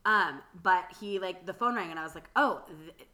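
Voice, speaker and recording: Young woman cohost, bright voice, chatty, says like a lot, laughs easy. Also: on the low side, brisk. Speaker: podcast co-host. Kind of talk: casual chat.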